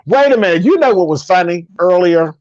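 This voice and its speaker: A woman's voice: lowish voice, lively intonation, a little fast, darkish tone, no echo. A woman hosting a casual, sassy gossip chat, cursing freely and laughing often. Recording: dull lo-fi sound.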